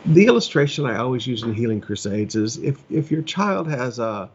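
A man's voice: medium pitch, very animated, normal speed, husky, highs cut off. A middle-aged male pastor preaching earnestly in a conversational way, pressing points with repetition. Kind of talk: preaching a sermon from home.

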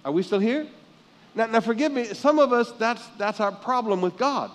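A male pastor from the Philippines preaching a sermon, swinging from hushed lines to loud ones and calling on the congregation to answer back. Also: extremely high pitch, normal speed. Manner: calls out for congregation responses.

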